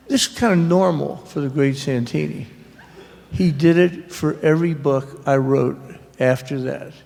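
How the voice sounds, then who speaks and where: A man speaks with a slightly high, gravelly voice, recounting family stories in a wry, halting way full of fillers. He is an author at a library talk, and his voice rings out in a reverberant hall. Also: darkish tone. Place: public library event hall.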